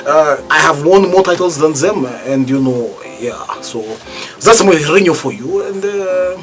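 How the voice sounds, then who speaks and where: A man doing an impression of a boastful, dismissive football coach, speaking low and clipped. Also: expressive, a little slow.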